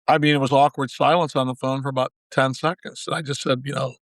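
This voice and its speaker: Speaking at a medium pitch and a little fast over a dry recording, a man in his sixties, formerly a baseball manager, guests on a podcast. He recounts a long story in a folksy manner, voicing the quoted dialogue.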